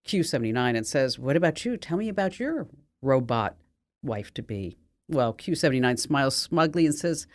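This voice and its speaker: Low-pitched woman host, playful and chatty, tells jokes with relish. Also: animated, fairly quick. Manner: playful joke-telling, laughs easily. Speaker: podcast host. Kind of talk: casual chat.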